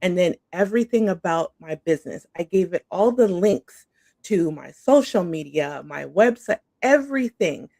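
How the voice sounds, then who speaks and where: A middle-aged woman chats as a guest coach, bubbly and easygoing, sprinkling her talk with "like" and "awesome." Her voice has a gravelly fry to it. The sound is dry and close, with no room around it. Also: on the low side, animated, moderate pace, a little mellow, dry recording. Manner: bubbly, says "like" and "awesome" a lot. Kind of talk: casual interview chat.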